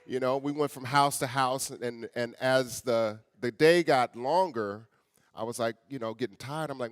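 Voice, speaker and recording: An earnest middle-aged man tells a personal story to a gathering in an easy, conversational way, calling the listeners y'all. His voice sits at a middling pitch and often softens to near quiet. The sound is dry and close, with no room echo. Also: unhurried, smooth. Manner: often drops soft and quiet for emotional moments. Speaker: guest speaker and author.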